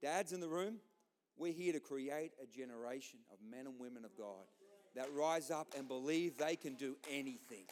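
A middle-aged man preaching a sermon as a pastor, impassioned, swinging between loud outbursts and quiet asides. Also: medium pitch, moderate pace, big-room sound.

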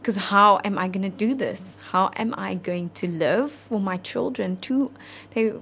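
A South African woman in her thirties, an interview guest telling a personal story in an earnest, halting, heartfelt way. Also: mid-range voice, a bit bright, a little hiss or hum.

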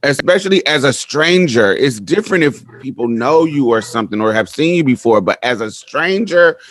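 A man's voice: mid-range voice, lively intonation, moderate pace, a bit bright. A man co-hosting a podcast in casual chat, talking frankly and giving his opinions. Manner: chatty, frank, gives opinions. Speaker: podcast co-host.

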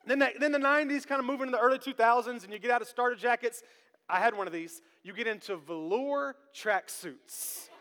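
A man in his thirties delivers a sermon with a strikingly high voice. He jokes with the congregation, asks them questions and keeps repeating himself as he goes. The sound carries a long reverb from a large church hall. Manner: joking, animated, repeats words, talks to the congregation. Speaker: pastor. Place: church sanctuary.

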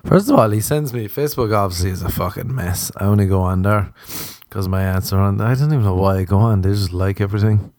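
A man with a Cork Irish accent hosting a podcast, in a rambling, profane comedic monologue with muttered deadpan asides. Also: fairly low pitch, quick pace, few pauses, no echo, studio quality. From Cork, Ireland. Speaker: podcast host.

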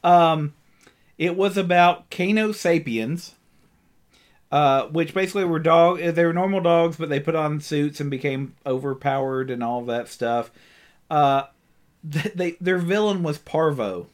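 Laughing often, this podcast co-host rambles through a recap of an old cartoon, full of ums and restarts. He speaks a little high and in an unhurried way.

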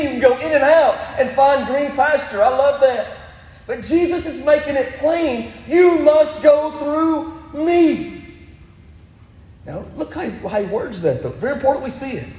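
Preaching in an echoey church sanctuary, a male pastor with a remarkably high voice sends his sermon ringing out with a long reverb tail. His scripture quotations swell into loud, emphatic peaks.

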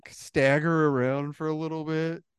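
Smooth, dry-voiced podcast co-host. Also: medium pitch, flat delivery, moderate pace, no room sound. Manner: rambling, wondering aloud, trails off. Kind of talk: casual comedic chat.

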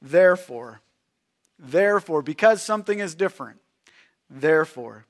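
A pastor preaching a sermon, swinging between loud emphatic lines and hushed near-whispers. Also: male voice, high-pitched, very animated, measured pace.

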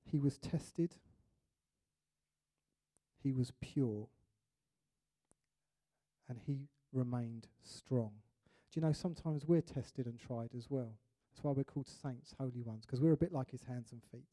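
A man preaching a sermon in an animated way, acting out little scenes and voices. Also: mid-range voice, unhurried, long pauses.

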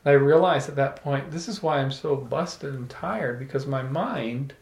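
A man telling a personal story to a small audience, animated, often laughing and restarting his words. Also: medium pitch, moderate pace. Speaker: salon speaker. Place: room with a small live audience. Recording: echoey room.

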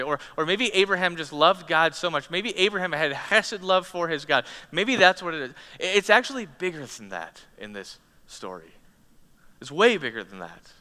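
A man preaches with a bright, crisp voice pitched a little high. He tells the story with drama, rising to near shouts and sinking to hushed near-whispers. His words ring out with long reverb in a large hall. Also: expressive, moderate pace. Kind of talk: sermon.

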